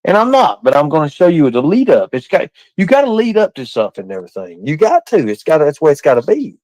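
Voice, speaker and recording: A man's voice: fairly high pitch, big pitch swings, fast, mellow, dry recording, poor audio. A man hosting a live stream, rambling and repeating himself while quizzing his chat with questions. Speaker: livestream host.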